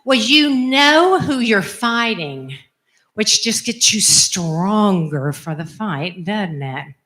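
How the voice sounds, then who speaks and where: An older woman, a religious sister, telling a personal story in an animated, emphatic way. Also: mid-range voice, slow. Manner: animated, emphatic, acts out quotes. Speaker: religious sister giving a testimony. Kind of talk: storytelling talk.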